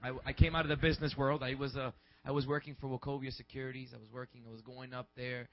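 Young pastor preaching, muffled lo-fi. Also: male voice, medium pitch, little pitch movement, quick pace. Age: 20s. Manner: conversational, rambling, rising to shouts. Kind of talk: sermon. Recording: dull lo-fi recording.

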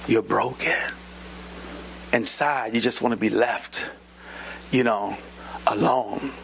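A man, preaching a sermon and telling a personal story, acting out voices with sudden high jumps and dropping into whispers. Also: gravelly, a bit bright, a little hiss or hum, low-quality recording. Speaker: pastor. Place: church.

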